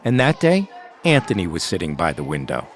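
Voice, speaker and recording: A man narrating a documentary podcast in a measured, storytelling way. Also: low-pitched, huge pitch swings.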